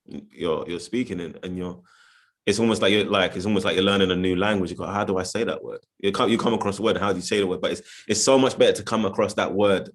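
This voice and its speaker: A man with a London accent chats easily on a panel. His voice sits a bit low, and he talks loosely with frequent laughter. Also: quick pace. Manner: relaxed, chatty, laughs often. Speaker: actor panelist. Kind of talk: casual panel chat.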